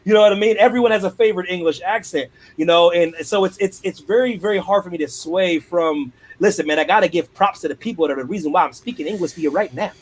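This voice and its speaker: Fast-talking, high-voiced male host. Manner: slangy and enthusiastic, repeats himself. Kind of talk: casual chat.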